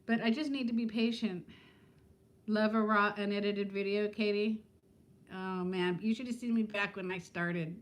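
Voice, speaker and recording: A woman's voice: mid-range voice, fairly even intonation, moderate pace. A woman in her fifties chatting casually on a live stream from home, talking to viewers by name and laughing often. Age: 50s. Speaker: vlogger hosting a live stream.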